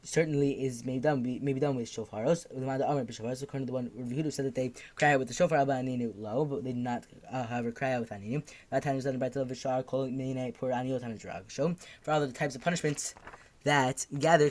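Man teaching a fast daf yomi class. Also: medium pitch, fairly even intonation, a little mellow. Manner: reads Aramaic then translates, with fillers and self-corrections. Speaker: Talmud teacher.

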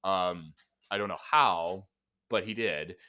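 A man's voice: low-pitched, slow, clean tone, dry recording, clean studio sound. A young man chatting casually as a podcast guest, telling anecdotes and acting out the people in them. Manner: animated storyteller, acts out voices in anecdotes. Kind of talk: casual chat.

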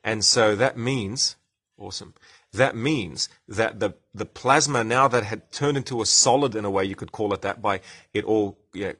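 Here the Australian host of a casual science podcast speaks at a normal speed in a lowish, slightly bright, husky voice. He chats with live commenters and explains things eagerly.

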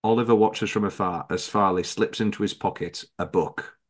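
A man hosting a casual podcast chat about a film, animated and quick to mimic characters in high voices. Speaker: podcast host.

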